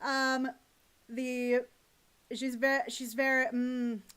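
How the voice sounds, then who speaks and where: A young woman chatting on a live stream from her home setup, her voice pitched high. She rambles and gushes, swears casually and stops to thank her chat. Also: level tone, very slow, fairly bright tone, smooth.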